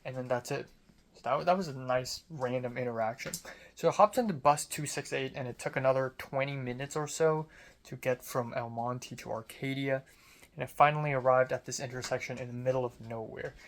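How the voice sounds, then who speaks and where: A young man from Hong Kong recounts a story in a loose, rambling style. His voice sits at a mid pitch, and he jokes about himself and swears casually as he talks. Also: brisk.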